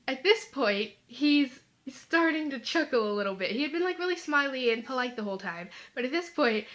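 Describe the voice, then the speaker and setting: A teenage girl telling a comic story to the camera, talking fast and animated, full of "like" fillers. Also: sits high. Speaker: vlogger.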